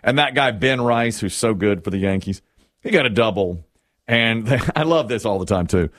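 A man hosting a casual sports talk show, telling stories in an animated way and laughing as he goes. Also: fairly low pitch, normal speed, no room sound, studio quality. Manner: animated storyteller, laughs, mimics others.

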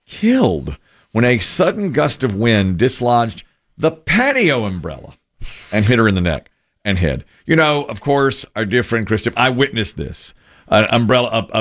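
A man hosting a radio talk show, telling stories with plenty of laughter. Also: lowish voice. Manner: laughing storyteller. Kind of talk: joking radio banter.

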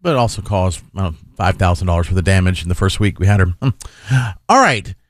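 A man hosting a radio talk show, chatting in an animated, jokey way. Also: low voice, quick pace, no echo, clean studio sound. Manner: animated, jokey, trails off and restarts. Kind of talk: casual morning-show banter.

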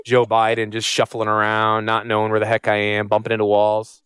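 A man's voice: lowish voice, monotone, a little fast, a bit bright, clean tone, dry recording. Brash man hosting talk radio. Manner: brash, sarcastic, rambling. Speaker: radio host, financial planner. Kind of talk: joking talk radio monologue.

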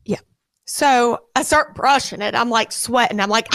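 A woman's voice: on the high side, a little slow, dry recording. A woman in her thirties, a radio co-host, telling a rambling home story on air and acting out the voices in it. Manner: animated, acts out quoted voices, rambling.

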